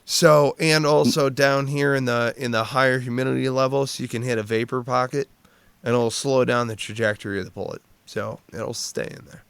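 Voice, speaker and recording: Marine vet guy laughing thru his war stories, smooth clear voice, dead dry sound. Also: mid-range voice, fairly even intonation, moderate pace, fairly bright tone, dry recording. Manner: laughing, profane, rambling with restarts. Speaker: podcast guest, Marine veteran. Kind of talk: casual storytelling chat.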